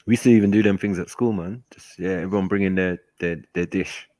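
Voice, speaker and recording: A man telling stories in a casual chat, animated and slangy, laughing often. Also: sits low, fairly quick. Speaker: host.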